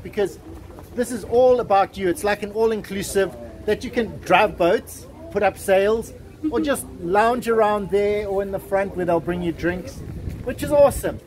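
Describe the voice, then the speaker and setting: A man's voice: high voice, darkish tone, rough recording. A man vlogging casually while touring boats, chatty and joking, thinking aloud as he walks. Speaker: travel vlogger. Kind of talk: casual chat. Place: outdoors at a busy waterfront boat show. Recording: faint background noise.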